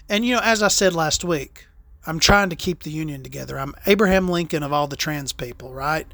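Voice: medium pitch, expressive, fairly quick, a bit bright, no echo, clean studio sound. Rambling, profane podcast host. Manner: rambling, profane, tongue-in-cheek storytelling. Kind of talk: casual solo podcast chat.

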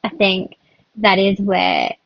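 Woman, casual parenting chat, earnest, gravelly, dull lo-fi sound. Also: medium pitch, huge pitch swings, takes it slowly, dry recording. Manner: earnest, reassuring, speaks through many fillers. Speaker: podcast co-host.

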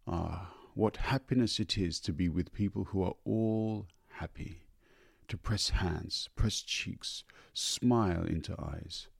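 A man narrating an audiobook of a short story in a measured, unhurried manner. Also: deep voice, vocal fry, slightly rough, no room sound, clean studio sound.

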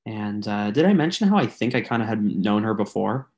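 A man co-hosting a casual podcast, joking and teasing, sometimes dropping into a hushed mock-sensual voice. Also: on the low side, big pitch swings, brisk. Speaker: podcast co-host.

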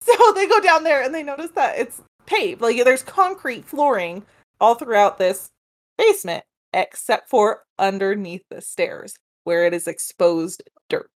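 A woman's voice: a little high, animated, unhurried. A woman co-hosting a podcast, telling a paranormal case in a loose, chatty way and laughing often. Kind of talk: casual storytelling chat.

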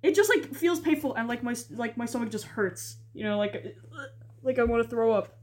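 A young Polish woman co-hosts a podcast, rambling casually with plenty of "like" and frequent giggles. Her voice is on the high side and her pace is brisk.

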